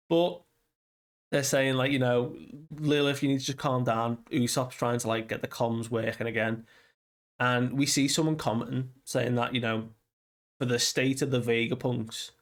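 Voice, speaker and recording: A man's voice: mid-range voice, creaky. A young man casually recapping a comic chapter, rambling and loosely quoting characters with lots of fillers. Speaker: manga reviewer.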